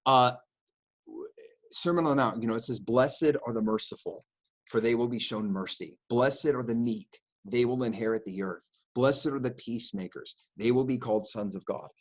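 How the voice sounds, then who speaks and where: A man's voice: mid-range voice, normal speed. A man preaching an informal sermon, talking conversationally with many fillers and restarts and briefly acting out the people he quotes.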